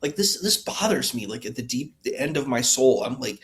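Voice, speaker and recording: A man's voice: mid-range voice, very animated, brisk, few pauses. A man hosting a reaction stream, ranting in a heated voice and firing off rhetorical questions. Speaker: stream host reacting to a debate. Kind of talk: casual reaction commentary.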